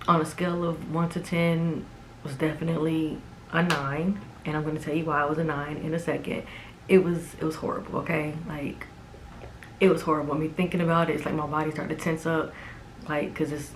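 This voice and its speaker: Twenties woman vlogging her story, low voice, chatty and emphatic, lots of "like". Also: level tone, a little fast, slight background noise, low-quality recording. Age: 20s. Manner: casual and emphatic, with many "like"s and "okay?". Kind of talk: personal storytelling vlog.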